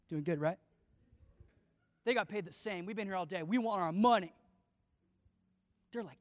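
A man's voice: high voice, animated, measured pace, pauses often, a bit bright, no room sound, in a large hall. A man preaching a casual sermon, retelling a parable and acting out the characters' lines. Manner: casual, acts out the story's voices.

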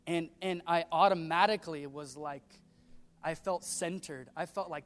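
A man's voice: a little high, moderate pace, a bit bright, long reverb tail. A male pastor giving a sermon in a church, mixing worship talk with a self-deprecating travel story. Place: church sanctuary.

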